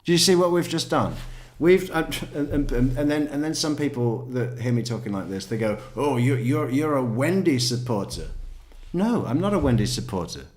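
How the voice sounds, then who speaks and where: A man's voice: mid-range voice, expressive, brisk, darkish tone. A man giving profane, sarcastic true crime commentary, exasperated and mocking as he argues his point. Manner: swears constantly, sarcastic and exasperated, mocks others in put-on voices.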